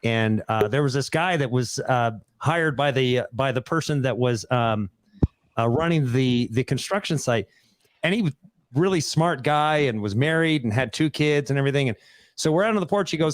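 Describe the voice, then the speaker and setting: A man hosting a call-in show, telling a story with animated quoted voices. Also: a little high, normal speed, no echo. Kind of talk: casual call-in chat, storytelling.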